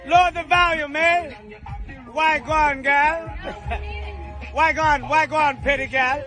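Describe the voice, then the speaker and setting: A man playing a clip of a comedian's loud, teasing impression of a man. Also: slow pace, full character voice. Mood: rowdy teasing. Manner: shouting, teasing, high-pitched. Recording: music playing loudly behind.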